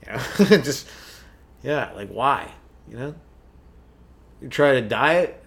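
A young man rants through a loose comedy podcast monologue, his pitch swinging widely as he tells stories. He swears freely and keeps jumping into quick acted voices and yelps. The tone stays casual and jokey throughout. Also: big pitch swings. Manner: profane, jokey, acts out quick voices and yells. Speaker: stand-up comedian, podcast host.

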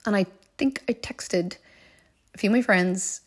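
A woman's voice: mid-range voice, a little slow, husky. A woman hosting a life coaching podcast, telling a personal story in an earnest, heartfelt way and repeating phrases for emphasis.

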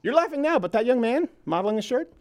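A man hosting a comedic talk show rattles along quickly in a high, bouncy voice, swinging up and down as he tells his stories. He laughs through his own punchlines. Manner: animated storyteller, laughs while telling stories. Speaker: podcast host.

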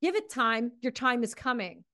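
A woman's voice: on the high side, very animated, moderate pace, a bit bright, no echo, clean studio sound. A woman hosting a podcast who speaks with fiery, emotional passion and swears freely before turning to interview her guest. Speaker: podcast host. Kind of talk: impassioned commentary and interview.

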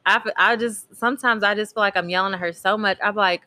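A woman's voice: mid-range voice, steady tone, fast talker, pushed and bright, no echo. A woman, chatting candidly as a podcast co-host and telling stories with a laugh. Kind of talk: casual chat.

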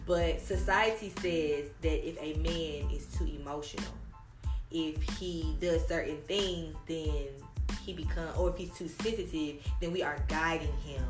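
A woman's voice: low-pitched, steady tone, measured pace, reverberant, music in the background. A woman talking casually as a podcast co-host and mother, rambling and candid and swearing freely. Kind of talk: casual chat.

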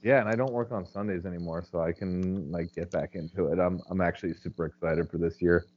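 A man's voice: deep voice, fairly even intonation, quick pace, darkish tone, muffled recording. A man co-hosting a podcast in casual chat, blunt and swearing, recorded over a call. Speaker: podcast co-host.

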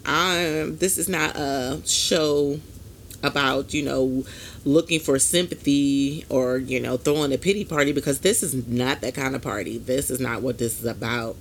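A podcast host speaks straight to the listener in a loose, unscripted solo monologue, at an ordinary middle pitch. The delivery is blunt and emphatic, with casual swearing dropped in and plenty of fillers and little asides. A faint noise sits underneath the voice.

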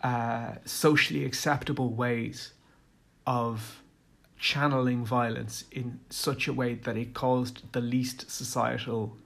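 Creaky-voiced man, rambling and hesitant. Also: medium pitch, little pitch movement, slow, a bit bright. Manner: hesitant, many fillers and restarts. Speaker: tabletop game commentator. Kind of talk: rambling casual monologue.

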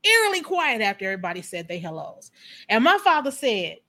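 A woman guest, a company founder and coach, chatting casually and telling animated personal stories. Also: a little high, fast. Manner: animated, emphatic storyteller.

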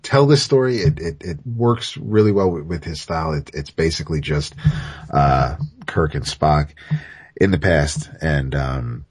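Super deep husky guy on a comics podcast, dry sound, lots of ums and restarts. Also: unhurried, a little mellow, no room sound. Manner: hesitant, many fillers and restarts. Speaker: podcast co-host. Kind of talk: casual comics podcast chat.

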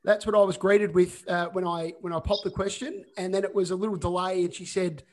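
Chatty man hosting, high voice. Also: steady tone, fairly quick. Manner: chatty, filler-heavy. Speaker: podcast host. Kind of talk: casual video-call chat. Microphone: video call.

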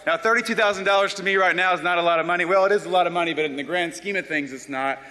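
A young man from South Carolina, telling his life story as an animated, self-deprecating testimony. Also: high-pitched, very fast. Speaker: speaker giving a personal testimony. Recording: long reverb of a large hall.

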